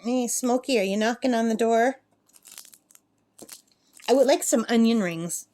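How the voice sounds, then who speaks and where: Her voice is mellow, on the high side and a bit slow. A crafting vlogger at her summer camp with a talking parrot, she talks casually and rambles, calling out numbers as she works.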